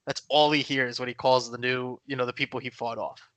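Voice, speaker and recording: Bright, dry-voiced man chatting casually. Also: medium pitch, little pitch movement, brisk, no room sound. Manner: rambling, many fillers and restarts. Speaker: podcast co-host. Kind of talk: casual chat.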